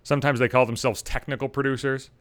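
A man's voice: mid-range voice, little pitch movement, fast talker, a bit bright, dry recording. A middle-aged man delivering an angry, sarcastic, heavily profane podcast rant. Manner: angry, sarcastic, heavy swearing. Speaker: podcast host. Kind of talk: profane ranting monologue.

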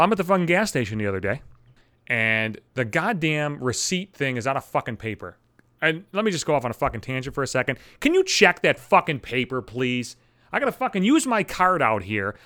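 A man's voice: a little high, fairly bright tone, dry recording, clean studio sound. A man in a profane, exasperated comedic monologue rant, swearing constantly. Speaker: comedic ranter.

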